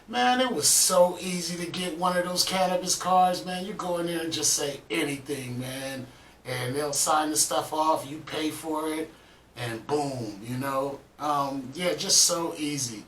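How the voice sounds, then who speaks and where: A man's voice: fairly high pitch, fairly bright tone, echoey room, recorded from a distance, slight background noise, low-quality recording. A man casually chatting as host of a reaction video, laid-back and rambling with lots of "um" and "man". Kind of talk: casual chat.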